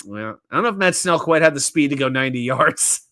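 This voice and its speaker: A man with a mid-range voice talks fairly quickly as the animated host of a casual sports talk stream. He runs trivia, reads the chat out loud, and jokes throughout.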